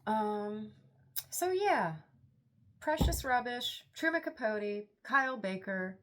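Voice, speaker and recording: A woman's voice: a little high, expressive, slow pace, a bit bright. A woman in her forties hosting a book vlog, chatty and enthusiastic in a rambling, casual way. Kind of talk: casual book review chat.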